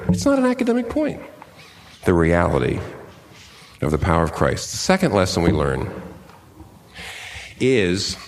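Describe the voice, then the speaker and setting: A man preaching a sermon, conversational and emphatic, with pitch that swings up and down as he stresses his points. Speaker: pastor.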